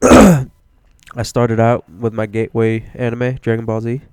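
A man from Egypt co-hosts a casual podcast while sick with a cough. He talks deadpan and swears offhandedly, in a mid-pitched voice recorded close and dry. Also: measured pace, clear, resonant tone, no echo. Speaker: podcast co-host. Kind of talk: casual chat.

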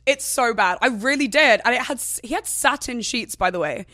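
A woman talks as a podcast guest, casual and candid, scattering "like" through every sentence. Her voice sits a touch high and sounds bright and clear. The recording is dry and close-miked. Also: animated, a little fast, no room sound. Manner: chatty, filler-heavy, laughs often.

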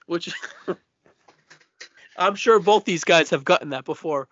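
A man co-hosting a casual wrestling podcast, laid-back and quick to laugh. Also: high voice, fairly bright tone. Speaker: podcast co-host. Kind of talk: casual wrestling recap chat. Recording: dull lo-fi podcast audio.

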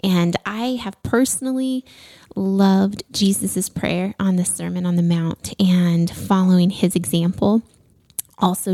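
A woman co-hosting a couples podcast from a studio, talking in a gentle, earnest and affectionate way. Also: medium pitch, no echo. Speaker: podcast co-host. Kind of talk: casual couples podcast chat.

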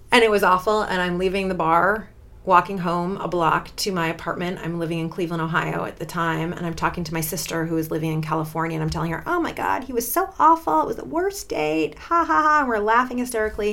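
A woman in her forties hosting a podcast, telling a personal story in a dramatic, expressive way. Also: medium pitch. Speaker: podcast host.

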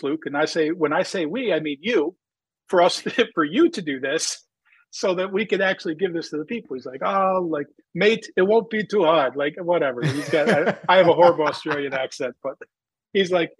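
A man's voice: fairly high pitch, breathy edge, no echo, poor audio. A man, a drag racer who started a magazine, telling his story in a rambling, casual interview chat full of fillers. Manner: rambling, filler-heavy, animated when quoting himself.

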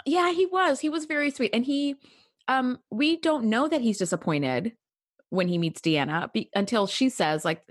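A woman co-hosting a casual podcast, animated and emphatic, laughing often. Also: on the high side, normal speed, no echo, clean studio sound. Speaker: podcast co-host.

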